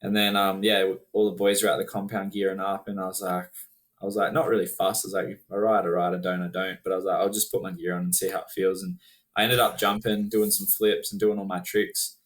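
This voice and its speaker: A man's voice: low-pitched, flat delivery. A man from Australia, a freestyle motocross rider, chatting casually as a podcast guest in a laid-back way, full of fillers. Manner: laid-back, drawn-out, filler-heavy talk. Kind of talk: casual chat.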